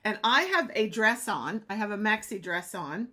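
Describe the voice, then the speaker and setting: A woman vlogger telling a lively personal story in a casual way, acting out the other people's lines as she goes. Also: mid-range voice, normal speed. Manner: excitable, acts out quoted dialogue. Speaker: beauty consultant vlogger.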